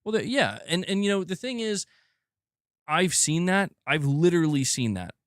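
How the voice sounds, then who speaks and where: Here a man with a high voice speaks at an ordinary pace, recorded at studio quality without any echo. He's ranting on his gaming news stream in a casual, animated, rambling style, leaning on "like" and letting the odd swear word slip.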